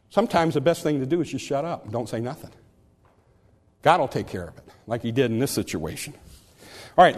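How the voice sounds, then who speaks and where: A man's voice: mid-range voice, a little mellow, in a large hall. A man preaching a sermon in an earnest, conversational way, often restarting his words.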